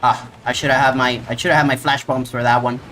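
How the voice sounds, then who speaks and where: Excitable man streaming a game. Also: mid-range voice, fast, slight background noise. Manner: excitable, talks to the monster. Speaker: gaming streamer. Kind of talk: live gameplay commentary.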